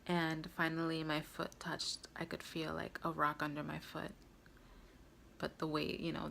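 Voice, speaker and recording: Low gravelly woman telling a story. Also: fairly bright tone, a little hiss or hum. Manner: earnest, recounting with frequent "like" fillers. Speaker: vlogger. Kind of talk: personal storytelling to camera.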